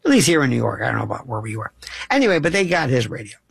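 A man's voice: mid-range voice, sing-song, very fast, creaky, a bit bright, slightly rough, dry recording. A middle-aged man hosting a radio call-in show, telling stories with passion and acting out the people he quotes. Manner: impassioned storytelling, acts out quoted voices. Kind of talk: talk radio monologue.

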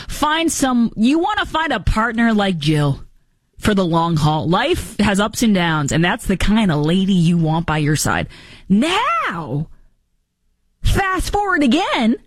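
A woman's voice: on the low side, dry recording, clean studio sound. A woman hosting a talk show, delivering sarcastic political commentary in a mocking tone. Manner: mocking, sarcastic, puts on silly voices for impressions. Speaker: radio talk show host.

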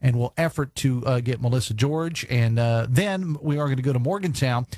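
A man's voice: mid-range voice, moderate pace, a little mellow, no room sound. A man hosting a live radio talk show, chatty with lots of fillers and restarts. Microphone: studio microphone.

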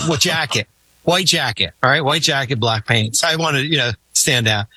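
Bright-voiced man telling rambling stories. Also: mid-range voice, normal speed, slightly rough, dry recording. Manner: rambling, animated, many fillers and restarts. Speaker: former team executive telling stories. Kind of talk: casual podcast storytelling.

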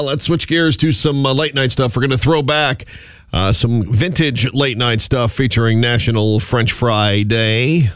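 A man's voice: medium pitch, no room sound. Man, radio host, casual joking chat, dry close mic. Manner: relaxed, joking, chatty.

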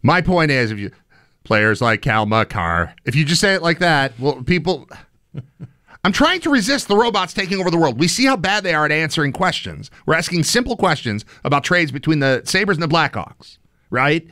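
A man co-hosting a sports talk show, arguing his point in a jokey, animated way. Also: on the high side, moderate pace, no echo, clean studio sound. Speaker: podcast co-host.

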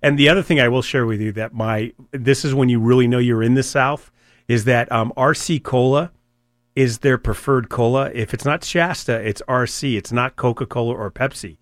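A man's voice: medium pitch, fairly even intonation, normal speed, no room sound. Casual chatty radio host guy, lots of ums, dead dry studio sound. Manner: chatty, joking, many fillers and restarts. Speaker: radio talk show host. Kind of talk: casual talk radio chat.

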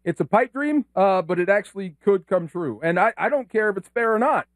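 A sports talk radio host with a high-pitched voice, a man who argues his points in an emphatic, opinionated way. His voice is close and dry in the studio. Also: expressive, fairly quick, no room sound.

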